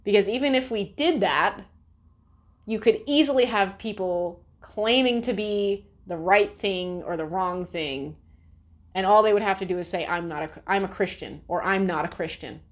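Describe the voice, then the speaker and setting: A woman's voice: mid-range voice, normal speed. A woman reacting to an article, sarcastic and exasperated, swearing often. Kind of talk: ranting commentary.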